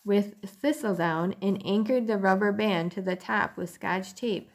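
A woman voicing an eager, earnest young boy in a storybook reading, pitched up above her own voice. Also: unhurried. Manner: eager, earnest, a bit reproachful.

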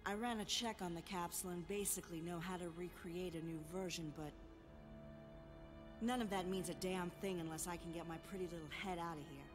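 A woman's voice: on the low side, steady tone, brisk, lightly acted. Woman voicing a blunt stranded scientist. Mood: urgent. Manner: urgent, blunt, swears. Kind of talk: video game cutscene dialogue. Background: game score music.

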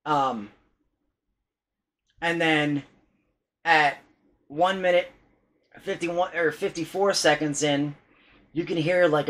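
A man with a somewhat high-set voice talks in a loose, unscripted vlog style. He rambles and hesitates, restarting his sentences and swearing now and then. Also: fairly bright tone, low-quality recording. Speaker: paranormal vlogger. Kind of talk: casual vlog talk.

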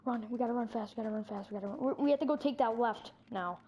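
A woman's voice: a little high, lively intonation, fast talker, mellow, a little hiss or hum. A woman playing through a scary game story, reacting breathlessly with lots of exclamations. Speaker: player acting out a scary game movie. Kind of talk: improvised game role-play narration.

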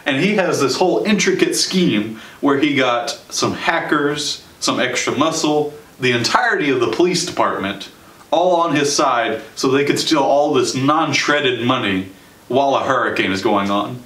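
A man's voice: medium pitch, expressive, a bit bright. Sarcastic young man reviewing movies, roomy. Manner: sarcastic, chatty, quick asides with laughs. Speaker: show host and movie reviewer. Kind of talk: casual spoken movie review. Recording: roomy sound from a distance.

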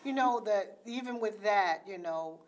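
A woman's voice: mid-range voice, a little slow. Chatty woman hosting a talk show. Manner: rambling, many fillers of "you know". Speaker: host. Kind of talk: interview hosting.

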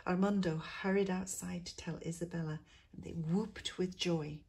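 A woman teacher reading a picture book aloud to schoolchildren, expressive and dropping to a hush in quiet moments. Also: on the low side, moderate pace, creaky, few pauses, slightly rough. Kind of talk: storybook read-aloud.

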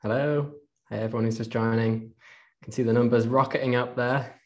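A man's voice: mid-range voice, fairly even intonation, brisk, darkish tone. A young man with a slight Geordie accent, presenting a casual live online talk from his desk and chatting with viewers. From England. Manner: chatty, greets the chat with fillers.

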